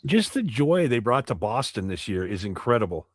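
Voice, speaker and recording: A man's voice: on the low side, very animated, normal speed, no echo, studio quality. A man co-hosting a casual podcast, joking and chuckling in loose fragments. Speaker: podcast co-host. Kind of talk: casual chat.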